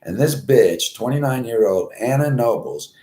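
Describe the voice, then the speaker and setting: A man in his forties who hosts his own show and tells a rambling, profane story, swearing constantly and getting animated when he acts out scenes. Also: medium pitch, normal speed, roomy sound. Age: 40s. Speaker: host. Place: Florida, United States.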